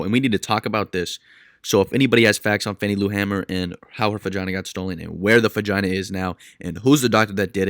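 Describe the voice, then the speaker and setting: A young man with a lowish voice rants on his podcast, rambling and incredulous. He swings from loud, disbelieving outbursts down to mumbled asides. The sound is dry and close, with no room around it. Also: dry recording. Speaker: podcast host. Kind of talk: casual solo podcast rant.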